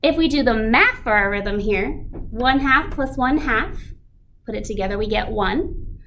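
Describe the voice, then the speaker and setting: A woman teaching an elementary music lesson, reading a picture book aloud with animated expression. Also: on the high side, measured pace, slight background noise.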